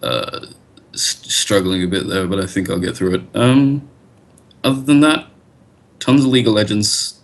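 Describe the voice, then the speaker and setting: A man's voice: on the low side, moderate pace, vocal fry, long pauses. A young man, chatting casually as a player, laid-back and hesitant with lots of fillers. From Australia. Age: late teens. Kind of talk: casual chat.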